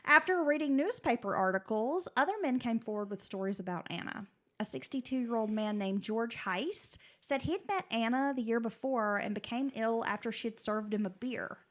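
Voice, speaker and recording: A woman's voice: on the high side, expressive, normal speed. A woman co-hosting a true crime podcast, reading her script steadily and breaking into casual, chatty asides. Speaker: podcast co-host.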